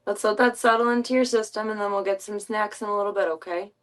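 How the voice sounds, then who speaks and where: A woman streamer in casual chat, talking softly and coaxingly to her pet. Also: mid-range voice, steady tone, fast talker. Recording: distant mic.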